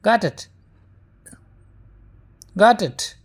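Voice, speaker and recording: A man's voice: a little high, big pitch swings. A man teaching English sounds as a pronunciation lesson, repeating example words and often asking his students if they follow. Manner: slow, repetitive, often checks "got it?"; addresses viewers as "my dear students". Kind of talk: phonetics lesson.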